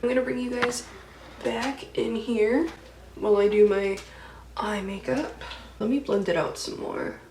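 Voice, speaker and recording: A woman's voice: fairly high pitch, unhurried, long pauses, roomy sound, far from the mic, noisy background. A woman doing a casual get-ready-with-me chat while doing her makeup, talking freely and swearing as she reads out and retells dreams. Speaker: beauty vlogger.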